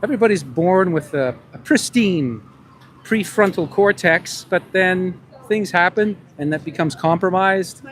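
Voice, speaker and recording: A man's voice: sits high, measured pace. Needling street-interview man with put-on New York accent. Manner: leading, needling questions with muttered asides to camera. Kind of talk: confrontational street vlog. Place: outdoors on a city street. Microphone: camera on a tripod.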